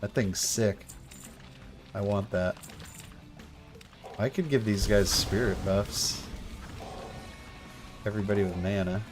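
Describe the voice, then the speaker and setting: A man's voice: lowish voice, fairly even intonation, slow, pauses often, faint music behind. Laid-back young man streaming a game. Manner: laid-back, rambling, slangy with lots of "like" and "dude". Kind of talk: casual gameplay chat.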